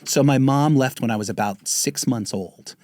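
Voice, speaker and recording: A man in his fifties from the Bronx, a guest telling his family story in a casual interview, lively and acting out what others said. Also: normal speed, dry recording, studio quality. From the Bronx, New York. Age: 50s. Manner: animated storyteller, acts out quotes with pitch jumps. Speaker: guest, TV writer.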